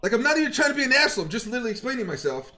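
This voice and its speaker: A male streamer ranting to his live chat, with a high voice that leaps all over the place. He swears constantly and talks in a confrontational, worked-up rush. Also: big pitch swings, sharp tone. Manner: profane and confrontational; fast, worked-up storytelling. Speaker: game streamer. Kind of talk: heated live-stream rant.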